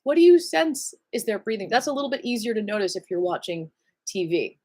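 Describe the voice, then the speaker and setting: Lady running a live qi gong stream, chatty and animated, mid-pitched voice, calls out to viewers. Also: brisk. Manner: leads gentle breathing cues. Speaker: qi gong teacher. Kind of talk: live online class teaching.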